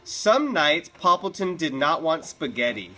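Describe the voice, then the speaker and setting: A woman's voice: sits low, sing-song, a little slow, pushed and bright. A woman teacher reading a picture book aloud to her class in a classroom, with chatty asides and easy laughs.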